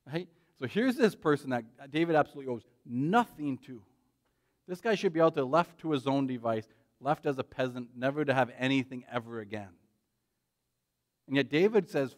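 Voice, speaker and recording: A man preaching a sermon in a church, animated and conversational, often checking in with "right?". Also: mid-range voice, normal speed. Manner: animated, frequent "right?" tag questions. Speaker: pastor.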